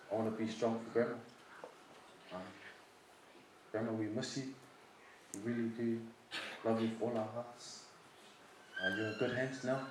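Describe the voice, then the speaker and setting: A young man, a grandson, giving an informal testimony at a memorial service. He pauses often with ums and tells gentle funny stories about his grandmother. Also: medium pitch. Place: large echoey hall at a family service. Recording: echoey hall with background noise.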